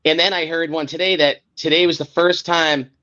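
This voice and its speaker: A man's voice: fairly high pitch, little pitch movement, fairly quick, pushed and bright. Profane, fired-up sports podcast man. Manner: heated, profane, exasperated. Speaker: podcast host. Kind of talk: casual sports rant. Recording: dull lo-fi podcast audio.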